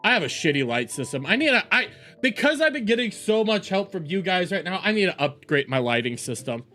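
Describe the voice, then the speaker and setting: A woman hosting a livestream, ranting in an exasperated, animated way with heavy swearing, on a desk mic at home. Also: lowish voice, fairly quick. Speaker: livestream commentary host. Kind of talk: casual livestream rant. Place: home streaming room. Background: faint background music.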